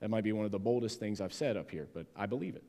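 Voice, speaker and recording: A man's voice: lowish voice, lively intonation, rapid-fire, mellow. A man preaching a sermon as pastor, delivering it with emphasis and drawing out key words. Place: church sanctuary. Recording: long church reverb.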